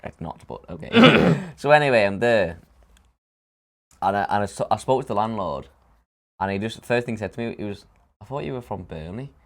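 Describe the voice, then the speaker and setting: Young Northern English man from St Helens, low-pitched, laughing storyteller in a podcast chat. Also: sing-song, normal speed, vocal fry, pauses often. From St Helens, England. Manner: chatty storyteller, laughs often, acts out quotes. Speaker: podcast co-host. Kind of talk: casual chat.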